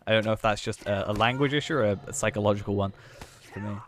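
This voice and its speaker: A man's voice: lowish voice, quick pace, slight background noise. A man streaming a game, chatting casually and thinking aloud in a rambling, self-mocking way. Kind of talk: casual gameplay chat.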